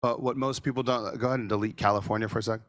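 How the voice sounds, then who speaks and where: A man presenting a marketing masterclass over a video call, animated and sometimes nearly shouting for emphasis. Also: mid-range voice, racing, a little hiss or hum. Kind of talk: energetic webinar teaching. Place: office studio.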